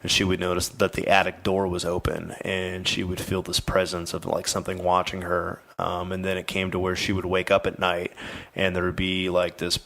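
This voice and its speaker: A man with a very low, deep voice retells a haunting on a podcast. He talks loosely, stumbling over fillers and restarts, and swears casually as he goes. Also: monotone, normal speed, vocal fry, a bit bright. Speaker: podcast host. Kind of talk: casual storytelling podcast chat.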